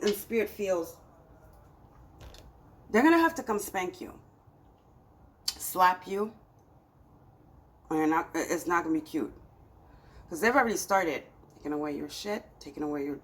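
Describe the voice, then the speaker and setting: A woman's voice: fairly low pitch, slight background noise, low-quality recording. A woman giving a spiritual tarot reading to her viewers, talking in an emphatic, scolding way that swings between exasperation and pleading. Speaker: tarot reader.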